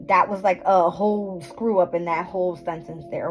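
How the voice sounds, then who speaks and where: A woman gives viewers at home a casual astrology and tarot reading, scattered and swearing, often tripping over her words, interrupting herself and laughing at her slips. Her lowish voice is steady, at normal speed with few pauses; the audio is poor, with background music playing.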